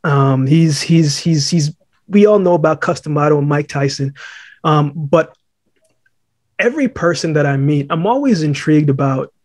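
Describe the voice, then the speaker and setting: A man's voice: a little high, moderate pace, darkish tone, no echo. A man hosting a podcast interview, earnest and affirming, repeating words as he builds his questions. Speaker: podcast host.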